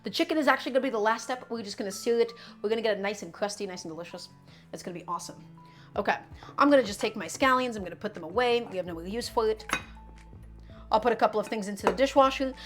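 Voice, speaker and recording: A young woman talks her viewers through a recipe on a cooking live stream, upbeat and chatty, reading out their comments as she goes. Her voice sits a little high. Soft music plays underneath. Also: expressive, rapid-fire. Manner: chatty, upbeat, answers chat while cooking.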